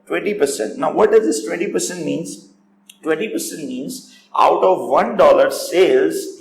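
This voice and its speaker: A man's voice: fairly high pitch, creaky. A man teaching accounting in a recorded lecture, explaining each step and speaking directly to his students. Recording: echoey room, faint background noise.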